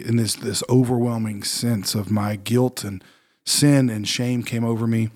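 A man's voice: mid-range voice, steady tone, a little slow, a little mellow. A man in casual conversation on a faith podcast, thinking aloud in an earnest, reflective way. He often circles back with fillers and restarts.

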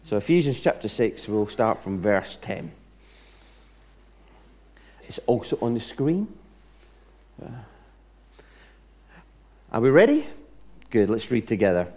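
A man preacher delivering a sermon in an animated storytelling manner, with frequent restarts. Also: fairly high pitch, a little slow, pauses often.

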